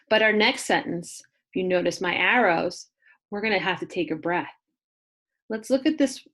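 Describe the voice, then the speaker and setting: Young female kindergarten teacher, video phonics lesson, slow, exaggerated letter sounds. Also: medium pitch.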